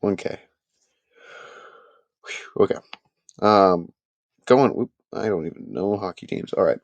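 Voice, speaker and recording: Lively low-voiced man hosting a sports stream. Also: a little slow, vocal fry, dry recording, highs cut off. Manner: animated, talks to viewers in the chat, gets emphatic making his points. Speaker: host of a live sports talk stream. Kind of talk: casual live-stream sports talk.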